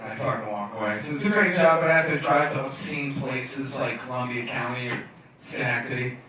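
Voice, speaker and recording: In a bar lounge, a young man does a stand-up set, telling stories in a brash, profane, self-mocking way with a medium-pitched, steady voice at a fairly quick pace. The echoey bar room is recorded from far off, with crowd noise.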